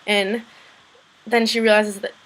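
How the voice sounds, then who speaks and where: A woman's voice: medium pitch, steady tone, moderate pace, a bit bright, poor audio. A woman casually recapping a TV episode, chatty, full of "like" and "um", swearing freely.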